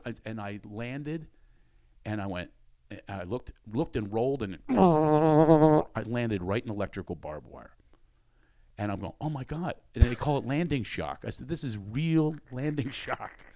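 A man's voice: medium pitch, darkish tone. A man animatedly telling a story in casual chat with a friend, often laughing.

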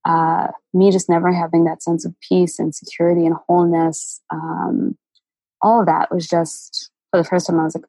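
Creaky, husky-voiced woman, halting and emotional guest, dry close sound. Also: lowish voice, level tone, mellow, no room sound, rough recording. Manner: halting, many fillers and restarts, emotional. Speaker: interview guest. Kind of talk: candid personal storytelling.

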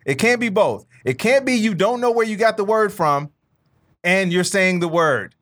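High-voiced man pressing his point. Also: animated, moderate pace, a bit bright. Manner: insistent, repeats himself, stammers. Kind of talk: casual debate chat.

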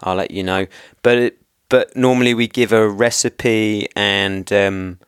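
A man's voice: fairly low pitch, fairly even intonation, a little slow, smooth, no echo, studio quality. An English man hosting a casual podcast chat, rambling and chummy, often laughing as he talks. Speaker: podcast host.

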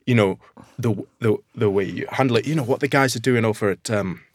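A man's voice: mid-range voice, a little fast, no echo. A man with a Northern English accent in a casual podcast conversation, talking enthusiastically with lots of restarts and fillers. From Northern England. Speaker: nut producer and guest.

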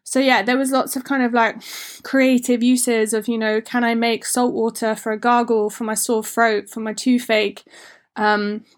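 A woman's voice: on the high side, flat delivery, normal speed. A woman giving an informal workshop talk in a chatty, frank way, with loose run-on phrasing. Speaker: workshop speaker.

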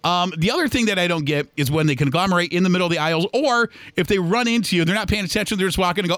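A chatty man talks on his solo podcast, wandering from story to story and slipping into other people's voices. His voice sits fairly high for a man. The recording is dry and close, with no room sound. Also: racing, hardly any pauses, a bit bright, dry recording. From Michigan, US. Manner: chatty and rambling, acts out shoppers' voices. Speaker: podcast host. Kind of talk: casual solo podcast monologue.

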